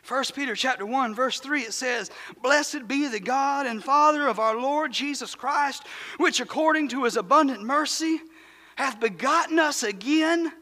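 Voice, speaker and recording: Fervent shouting preacher man, bright, reverberant. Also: very high-pitched, moderate pace. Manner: fervent, emphatic, repeats phrases. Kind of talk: shouted revival sermon. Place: church sanctuary.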